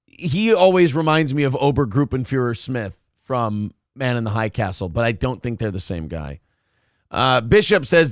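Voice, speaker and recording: A man's voice: mid-range voice, sing-song, normal speed, dry recording, studio quality. A man co-hosting a casual talk show, joking and swearing freely as he riffs on movies. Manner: profane, jokey, laughs often. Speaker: co-host. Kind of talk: casual chat.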